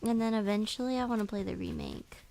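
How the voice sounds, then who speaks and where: A woman's voice: medium pitch, quick pace, gravelly, darkish tone. A woman streamer chatting casually while playing a game, laughing often and sometimes dropping into a whisper. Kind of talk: casual gameplay chat. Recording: faint game music behind. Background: faint game music.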